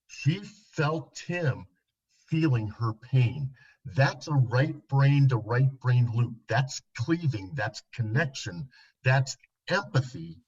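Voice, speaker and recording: A man with a husky, slightly breathy voice at an ordinary middle pitch tells a counseling case story in an earnest, unhurried way. He often sinks into a soft, low tone for the tender parts. The podcast audio sounds muffled and lo-fi. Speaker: licensed counselor guest.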